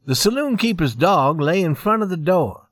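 A man reading a western story aloud in a measured, expressive narration. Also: high voice, dry recording, studio quality.

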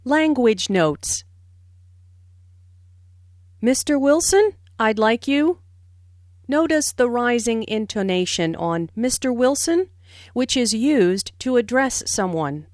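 A woman narrating a scripted language lesson, explaining pronunciation with careful, clear enunciation. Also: fairly high pitch, animated, slow pace, dry recording, clean studio sound. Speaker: language teacher.

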